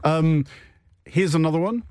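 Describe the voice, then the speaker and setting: Male radio host, dry wit, relaxed panel banter, dead-dry studio sound. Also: a little high, unhurried, dry recording. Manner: dry, wry humor. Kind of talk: radio panel show chat.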